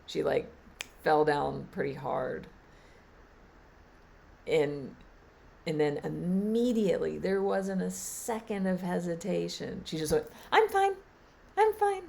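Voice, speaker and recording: Woman meditation teacher on a live stream, slow and reflective, kinda gravelly, lots of ums. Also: low voice, dark tone. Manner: reflective, halting with trailing fillers. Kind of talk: live-stream spiritual talk.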